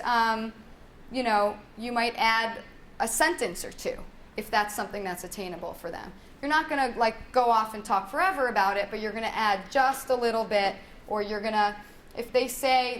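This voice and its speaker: A woman's voice: on the high side, fairly bright tone, slight background noise. A young adult woman, a speech-language pathologist, leading a parenting workshop in a conversational way, often asking "right?" and modeling child talk in a lilting singsong. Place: workshop room.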